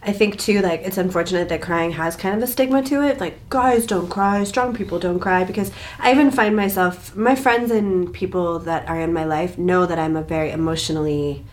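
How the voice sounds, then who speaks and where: A woman in her thirties talking in a relaxed, expressive way, telling stories with laughter. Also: fairly low pitch, a little fast, hardly any pauses. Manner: animated, expressive storytelling with laughs. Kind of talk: casual chat.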